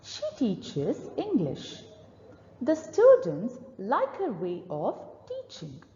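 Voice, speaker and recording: A woman teacher leads a reading lesson, speaking slowly and deliberately. Her pitch rises and falls widely as she models expressive reading. The recording is reverberant and dull, with a long room echo.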